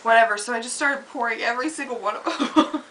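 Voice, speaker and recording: A young woman chatting casually on a home video, telling stories with lots of giggling and loud acted-out quotes. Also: fairly high pitch, fast, distant mic, slight background noise, rough recording. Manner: giggly storytelling, acts out quoted lines loudly. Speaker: vlogger. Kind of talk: casual chat.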